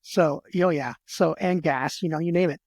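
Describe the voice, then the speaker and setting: This military veteran, a podcast guest, pours out a heartfelt personal story, tripping into restarts and repetitions and acting out conversations in quick back-and-forth. His voice is a touch high and a little mellow, going gravelly at the ends of phrases. It's recorded close and dry, with no echo and no room behind it.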